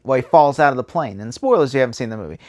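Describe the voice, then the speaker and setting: A man giving a casual spoken movie review, rambling and animated, full of fillers and restarts. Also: mid-range voice, very fast.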